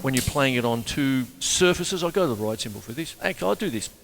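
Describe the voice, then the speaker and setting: Lively Australian man teaching drums. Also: medium pitch, quick pace, creaky, long reverb tail, over loud music. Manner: chatty, rambling, tells jokes, says "you see" often. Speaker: drum teacher. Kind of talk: casual drum lesson talk. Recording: drum kit playing behind the voice.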